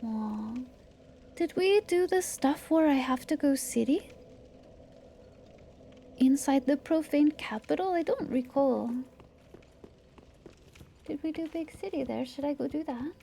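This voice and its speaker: A woman streamer chatting casually while she plays, thinking aloud in a meandering way and often dropping to soft asides. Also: sits high, expressive, unhurried, gravelly, long pauses, a little hiss or hum. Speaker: live streamer. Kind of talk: casual gameplay commentary.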